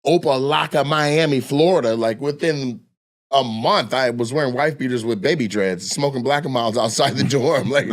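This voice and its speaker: A young adult man from Washington state, a comedian hosting a casual chat, telling stories with profane, animated outbursts and acted-out voices. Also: mid-range voice, normal speed. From Washington state, USA. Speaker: comedian podcast host.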